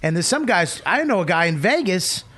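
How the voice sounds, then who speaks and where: A man's voice: sits high, sing-song, moderate pace, fairly bright tone. A man hosting a casual comedy podcast, blunt and teasing, swearing freely as he talks.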